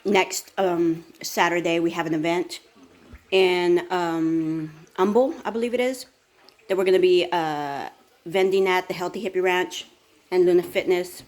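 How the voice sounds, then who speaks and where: Tired fitness-coach woman, chatty morning vlog, slightly low voice, rambling delivery. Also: steady tone, measured pace, darkish tone. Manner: chatty, rambling, talks with her mouth full. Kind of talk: casual morning chat.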